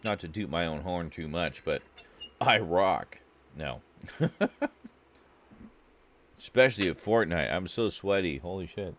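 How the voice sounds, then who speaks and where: A Canadian man with a very deep, low voice chats while he streams a game. He rambles, swears freely and pokes fun at himself in a loose, casual way. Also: expressive, a little slow, pauses often, a bit bright. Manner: rambling, profane, self-mocking. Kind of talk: casual chat while gaming.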